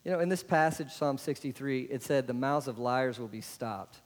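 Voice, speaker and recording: A man's voice: medium pitch, normal speed. Man preaching in a reverberant hall. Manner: asks the congregation many rhetorical questions, adds "right?". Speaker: pastor. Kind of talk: sermon. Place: church sanctuary.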